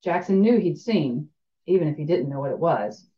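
A woman's voice: sits low, animated, normal speed, muffled recording. A woman reading a fantasy novel aloud, chatting and laughing in the breaks between passages. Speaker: reader of a fan audiobook.

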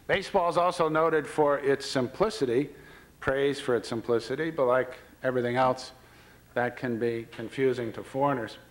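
A man's voice: mid-range voice, moderate pace, low-quality recording. A man addresses a lecture audience as baseball commissioner, spinning anecdotes with dry, understated wit. His voice sits in an ordinary middle register, and his delivery moves easily from jokes back to serious points. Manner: storytelling with dry wit, retelling quoted dialogue. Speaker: baseball commissioner giving a public talk. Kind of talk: humorous anecdotal speech.

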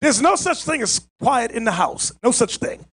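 A male preacher with a strikingly high voice that leaps and dips as he teaches. He is emphatic and scornful, breaking into shouts, and delivers a fiery scripture lesson. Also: big pitch swings, normal speed, slightly rough, no echo. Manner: emphatic, mocking, often shouting. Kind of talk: fiery street-style Bible teaching.

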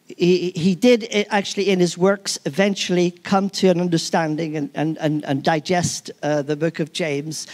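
A man's voice: sits high, a little mellow. A man preaching a sermon, earnest and emphatic, repeating key phrases and often restarting his sentences. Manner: halting with frequent restarts.

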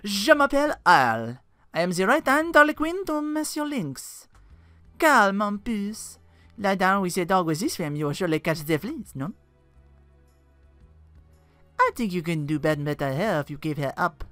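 A woman's voice: mid-range voice, very animated, fairly bright tone, dry recording, faint music behind, pitched above the performer's own voice. A woman voicing a flirty, scheming female jester with a put-on French accent, drawing her words out teasingly. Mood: purring. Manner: purring, drawn-out, teasing.

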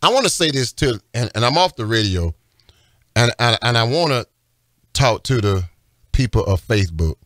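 A man's voice: mid-range voice, expressive, moderate pace, a bit bright. A man, a radio pastor preaching fervently, repeating his calls with growing emphasis. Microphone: studio microphone.

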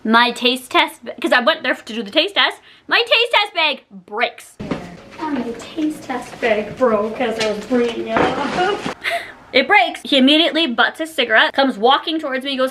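A woman vlogger talking through a storytime in a chatty manner, with "like" in almost every sentence. Her voice sits fairly high and sounds bright and sharp. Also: lively intonation, moderate pace. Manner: chatty, heavy use of "like" fillers. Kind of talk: storytime vlog.

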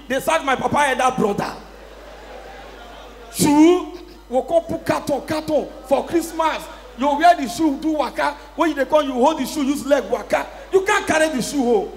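A male stand-up comedian with a Nigerian accent works a live crowd, slipping into pidgin English and shouting his punchlines. His voice sits very high. The sound rings with the long reverb of a big hall. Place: live show venue with audience.

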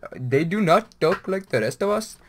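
A man's voice: high-pitched, expressive, moderate pace, pitched above the performer's own voice. A man putting on a mock Indian accent to play a hammy male convenience store clerk, rattling off sing-song sales patter in a gaming commentary.

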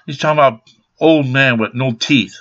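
A man's voice: mid-range voice, normal speed, fairly bright tone. A man in his fifties ranting angrily to his camera, swearing constantly in a blunt, aggrieved way. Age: 50s. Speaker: vlogger. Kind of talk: angry rant to camera. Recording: dull lo-fi webcam sound.

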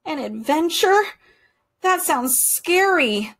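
Woman playing a storybook goose, male, timid, fretful, slow and drawn-out, breathy. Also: sits high, very animated, fairly bright tone, full character voice. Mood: worried.

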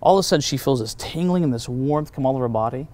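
An American man in pastoral ministry shares faith stories as testimony in relaxed conversation, speaking rapid-fire at a moderate, ordinary pitch. Animated and personal, he takes on the voices of those he quotes.

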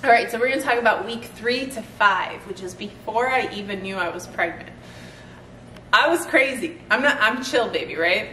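A woman's voice: mid-range voice, normal speed, sharp tone, recorded from a distance. A woman in her thirties chatting casually in a vlog, laughing often as she talks. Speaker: fitness vlogger. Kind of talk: casual chat. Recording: roomy sound from off-mic, faint noise.

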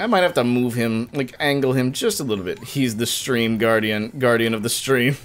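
With faint music in the background, a young man at medium pitch offers laid-back, jokey commentary during a live-streamed video game, punctuated by short frustrated outbursts.

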